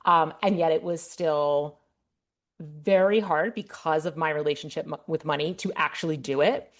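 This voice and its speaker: Low-voiced woman podcast host. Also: moderate pace. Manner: candid, storytelling with many restarts. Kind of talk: casual interview chat.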